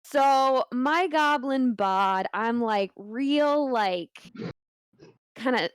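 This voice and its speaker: A woman's voice: high-pitched, expressive, extremely slow, smooth. A woman taking part in a tabletop game as a player, talking in a playful, giggly way with plenty of "like". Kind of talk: casual game chat.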